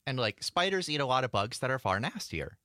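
Bright-voiced, matter-of-fact radio sidekick man. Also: mid-range voice, very animated, a little fast, dry recording, clean studio sound. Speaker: radio board operator and co-host. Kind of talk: casual radio chat. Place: radio studio. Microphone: studio microphone.

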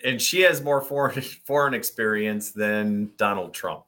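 A man co-hosting a political radio chat, agreeable and quick to chime in. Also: on the low side, sharp tone. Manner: agreeable, chiming in. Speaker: guest co-host.

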